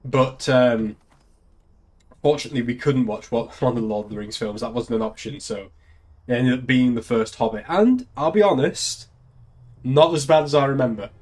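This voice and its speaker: A man's voice: mid-range voice, normal speed, a little mellow. An English man, a young adult, chatting casually on a live stream, laughing often and swearing freely. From England. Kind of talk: casual chat.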